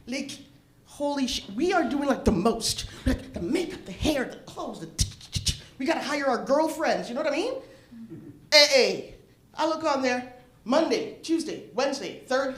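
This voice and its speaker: A middle-aged woman doing a stand-up comedy set, profane and animated, laughing at her own jokes. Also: a little high, echoey room. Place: bar open mic stage.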